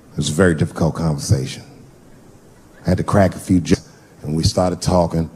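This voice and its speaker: A man telling stand-up stories on stage, animated, swinging between shouts and low mutters. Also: brisk, long pauses. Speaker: stand-up comedian. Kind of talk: stand-up storytelling. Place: stage before a live audience. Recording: live stage recording with background noise.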